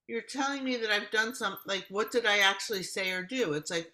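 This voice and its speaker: A woman's voice: medium pitch, moderate pace, hardly any pauses, bright, forceful tone, poor audio. A middle-aged woman, a communication coach, explaining in casual conversation and acting out example dialogues.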